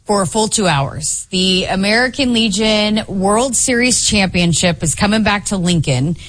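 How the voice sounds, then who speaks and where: A young woman co-hosting a sports radio show, cheerful and quick to laugh. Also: medium pitch, fairly bright tone. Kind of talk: casual sports show banter.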